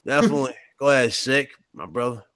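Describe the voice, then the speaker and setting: A man hosting a casual gaming podcast, relaxed as he hands the mic to each panelist. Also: medium pitch, fairly quick, dry recording. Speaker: podcast host. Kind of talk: casual podcast outro chat.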